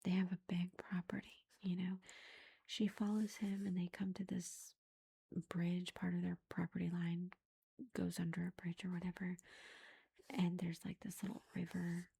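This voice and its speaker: A woman whispering her way through an ASMR book review, her voice almost all breath with a gravelly edge. The tone is dark and mellow as she rambles through the plot, leaning on "like" and "you know" between thoughts. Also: fairly low pitch, flat delivery, normal speed. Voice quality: unvoiced whisper.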